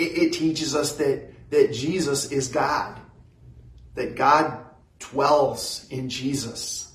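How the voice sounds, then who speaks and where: A man preaching a sermon in a slow, measured way, repeating phrases and pausing often. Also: fairly high pitch, roomy sound, recorded from a distance, low-quality recording. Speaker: pastor.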